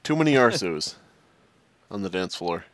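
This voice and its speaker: A man's voice: low voice, animated, normal speed, dry recording. A man hosting a gaming channel, chatting and joking with friends while playing an online game. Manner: joking, chatty, laughs often. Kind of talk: casual gaming chat.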